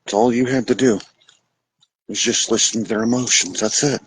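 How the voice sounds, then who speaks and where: A man hosting a podcast, lecturing about relationships in a blunt, casual way with some swearing, switching between fast bursts and slow, drawn-out emphasis. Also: mid-range voice, steady tone, slight background noise, rough recording. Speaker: podcast host. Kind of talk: relationship advice monologue.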